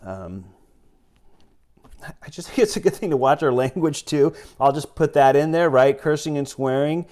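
A man's voice: a little high, normal speed, a little mellow. A man giving an informal sermon in a church, conversational and rambling, with many fillers and restarts, reading and retelling scripture. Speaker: preacher.

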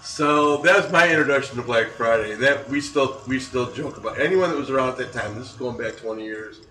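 Podcast host, man in his forties, animated anecdotes; bright voice heard from a set-back mic. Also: mid-range voice, brisk, a little hiss or hum. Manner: animated, laughs through stories. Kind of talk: casual storytelling. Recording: roomy, distant mic.

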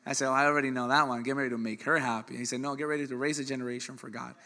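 A man preaching a sermon in an animated, joking way, with sudden loud bursts. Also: mid-range voice, racing. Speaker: pastor.

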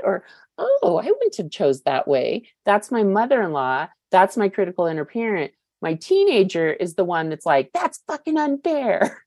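A woman's voice: on the low side, a little mellow, no echo. A woman in her fifties giving a personal recovery share, candid and searching, with many fillers and casual swearing. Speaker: recovery meeting speaker.

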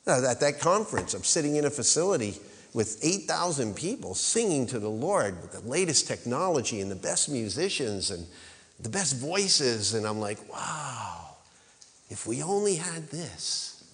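A man's voice: mid-range voice, big pitch swings, normal speed, a bit bright, long reverb tail. A male pastor preaching a sermon, rising to emphatic peaks and calling on the congregation to answer. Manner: rises to emphatic peaks, calls for congregation response.

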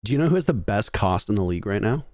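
Profane, animated man talking esports. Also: lowish voice, rapid-fire, no room sound, studio quality. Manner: animated, profane, acts out players' voices. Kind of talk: casual esports chat.

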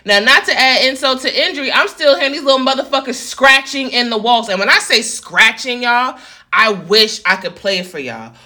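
A woman with a bright, forceful voice vents to her viewers in a casual storytime rant. She talks straight to them, animated and profane. She sits in a roomy home office. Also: on the high side, normal speed. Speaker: vlogger.

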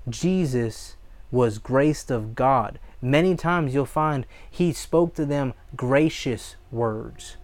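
A man's voice: mid-range voice, a little mellow, dry recording. A man preaching a sermon, reading scripture aloud, exhorting his listeners and breaking into short prayers.

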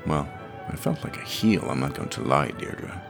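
Wry young guy telling a dream story, really deep and gravelly. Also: big pitch swings, moderate pace, music in the background, heavily acted. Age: young adult. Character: wry young male dream traveler, cheeky. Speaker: narrator. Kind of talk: audio drama monologue narration.

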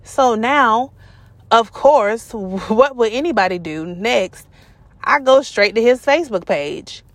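Lady in her 30s telling a story straight up, slangy and blunt, kinda high pitched. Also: animated, slow pace, dry recording. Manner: candid, blunt, slangy, swears freely. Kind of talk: casual storytelling.

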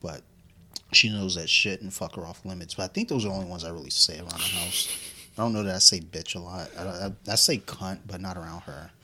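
Deep-voiced man, profane and tipsy. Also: steady tone, quick pace, sharp tone, slight background noise. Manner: profane, laughing, storytelling. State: a little drunk. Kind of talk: casual chat.

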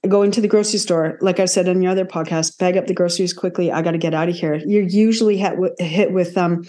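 A woman with a low, warm, relaxed voice talks through grief as a podcast guest. She speaks reflectively, circling back and repeating phrases for emphasis. A cough lingers in her voice. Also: quick pace. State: has a cough. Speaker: death doula and grief expert guest. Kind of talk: casual podcast conversation.

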